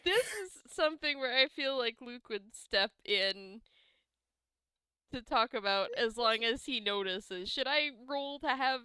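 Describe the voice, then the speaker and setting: A woman taking part in a tabletop role-play, quick to react. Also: a little high, animated, bright, forceful tone, clear, resonant tone, dry recording. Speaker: player.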